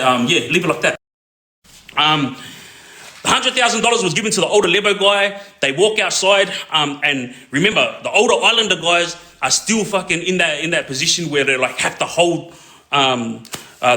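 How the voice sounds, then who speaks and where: A man's voice: on the high side, fairly quick, sharp tone, reverberant. A man telling a crime story casually, rambling and checking in with a constant "yeah?". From Australia.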